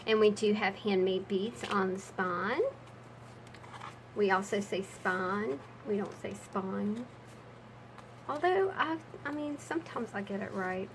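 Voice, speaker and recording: A woman's voice: mid-range voice, normal speed, background noise. A woman talking through her handmade journals in a casual crafting vlog, chatty and prone to rambling asides.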